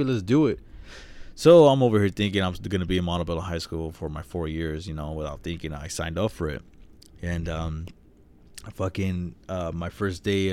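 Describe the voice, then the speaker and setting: A young man co-hosting a podcast, telling stories in a rambling, profane, animated way. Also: sits low. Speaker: podcast co-host. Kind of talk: casual podcast banter.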